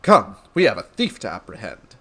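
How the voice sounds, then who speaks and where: A man reading game dialogue aloud as a pompous, grandiose gentleman inspector with flowery, theatrical speech. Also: lowish voice, wildly swooping pitch, normal speed, voice pushed down, exaggerated voice. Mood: smug.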